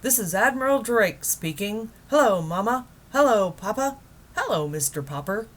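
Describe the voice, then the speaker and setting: A woman reading a children's book aloud, voicing a hearty male admiral broadcasting over the radio in a loud, announcing way. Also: medium pitch, expressive, moderate pace, voice pushed up, close to an everyday voice. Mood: jovial.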